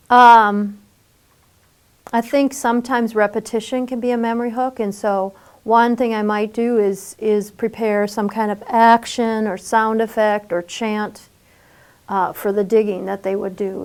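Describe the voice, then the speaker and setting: Woman in a workshop, mid-pitched, thoughtful and self-deprecating. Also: steady tone, a little slow. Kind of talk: sharing ideas in a workshop.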